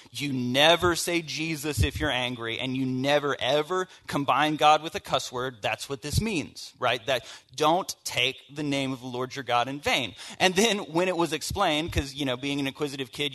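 Bright-voiced man preaching a sermon. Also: fairly high pitch, moderate pace, few pauses. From American South. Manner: storytelling, conversational, shifts from hushed to emphatic. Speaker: pastor.

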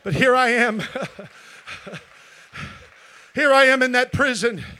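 A man preaching a Pentecostal sermon in a church, moving between hushed storytelling and shouted, drawn-out emphatic phrases. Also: very high-pitched. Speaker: pastor. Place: church sanctuary.

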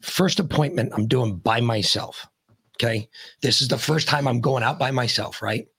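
A man, a podcast guest, telling a story in casual chat, blunt and profane, rambling and animated as he talks. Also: mid-range voice, normal speed, vocal fry, slightly rough.

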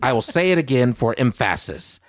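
A man hosting a comedic podcast, reading joke op-eds with animated, swooping delivery and frequent "okay?" asides. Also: fairly quick, no echo, clean studio sound. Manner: animated, swooping pitch, repeats "okay?" for emphasis. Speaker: podcast host.

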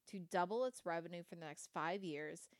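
With a fairly low voice at a moderate pace, a woman hosting a podcast reads out a company's history, stopping between passages for conversational, wry comments and occasional swearing. She's got the hiccups, and there's no echo.

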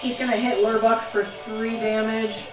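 A woman's voice: a little high, flat delivery, moderate pace, recorded from a distance. Off-mic woman running a tabletop game. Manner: casual, loose narration with frequent ums. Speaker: game master. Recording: echoey room, off-mic, music behind.

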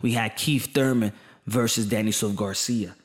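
A boxing commentator with a lowish, steady voice talks at a normal speed. His monologue is opinionated, emphatic and passionate, and he keeps repeating his points in casual slang.

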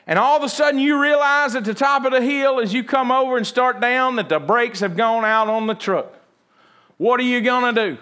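Man, pastor, sermon, folksy, animated, high voice. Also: brisk, clean tone.

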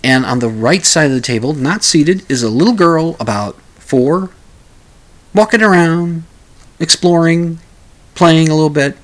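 A man's voice: a little high, lively intonation, unhurried. A man hosting a talk radio show, telling a story in a rambling way, with stammered restarts and chuckling asides. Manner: acts out quoted lines in a raised voice.

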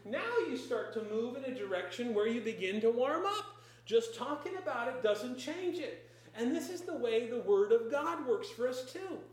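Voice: medium pitch, expressive, normal speed. A preacher delivering a sermon in emphatic, repeated declarations. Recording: very echoey room.

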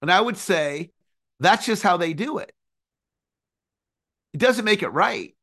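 A man in his forties giving an earnest, animated motivational lesson, sometimes singing a phrase. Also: high voice, a little slow. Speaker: success coach. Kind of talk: motivational teaching talk.

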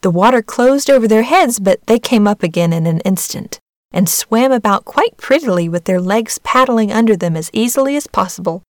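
A woman narrating a storybook fairy tale in an even, measured manner. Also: fairly high pitch, dry recording, studio quality. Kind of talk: storybook reading.

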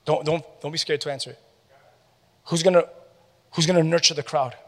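A pastor preaching a sermon with animated call-and-response questions to his congregation. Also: fairly high pitch, fairly quick. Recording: long hall reverb.

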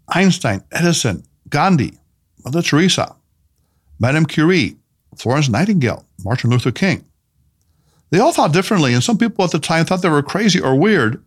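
A man voicing a calm, playful male spiritual teacher in an audiobook, speaking gently, with teasing emphasis. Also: fairly high pitch, husky, pitched above the performer's own voice, exaggerated voice. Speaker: mentor character in an audiobook. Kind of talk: audiobook character reading.

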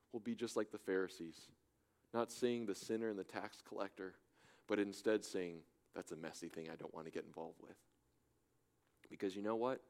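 A man preaching a sermon as a church pastor, swinging between loud urgent appeals and hushed, soft pleas. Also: on the low side. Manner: impassioned, swings from loud urging to hushed softness. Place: church in Germany.

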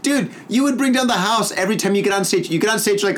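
A man with a somewhat high voice banters on a podcast. He teases, doubts his co-host's stories and keeps breaking into laughter. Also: expressive, fast, a bit bright. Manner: teasing, skeptical, laughs often. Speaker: podcast co-host. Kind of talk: casual banter.

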